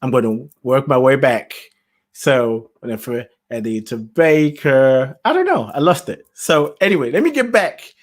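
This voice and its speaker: A man who lives in the UK hosts his own self-produced podcast, giving a rambling spiritual talk into a solo mic. He muses aloud, laughs often and loses his thread. His medium-pitched voice has lively intonation and a slightly slow pace.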